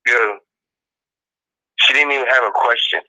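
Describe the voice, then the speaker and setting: A man talking through a clip in loose, casual commentary, his voice very bright and forceful. He keeps coming back to the same points and mimics what he quotes. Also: medium pitch, measured pace, low-quality recording. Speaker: podcast co-host.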